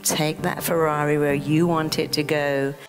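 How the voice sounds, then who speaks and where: A woman therapist giving a motivational talk, lively and dramatizing inner voices. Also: low-pitched, unhurried, over loud music. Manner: lively, acts out inner voices in quoted asides. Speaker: therapist and self-help speaker.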